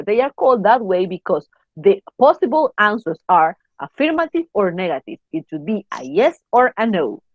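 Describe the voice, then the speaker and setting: A woman explains English grammar step by step, spelling out letters and checking in with a quick "okay?". Her voice sits in an ordinary middle register. The recording is dry and a little dull, with no room sound. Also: mid-range voice, no room sound. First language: Spanish. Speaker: English teacher. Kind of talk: recorded online grammar lesson.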